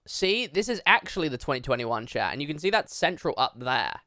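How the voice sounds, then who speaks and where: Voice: mid-range voice, sing-song, fairly quick, pushed and bright, no room sound, clean studio sound. A livestreamer chatting casually at a home desk, rambling with lots of fillers and casual swearing. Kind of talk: casual live-stream chat.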